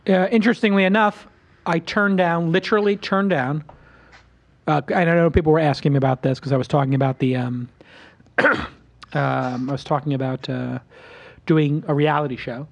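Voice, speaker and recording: Animated boastful man hosting a talk show. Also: fairly high pitch, moderate pace, creaky. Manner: boastful, animated storytelling with acted-out quotes. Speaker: podcast host. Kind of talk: casual roundtable chat.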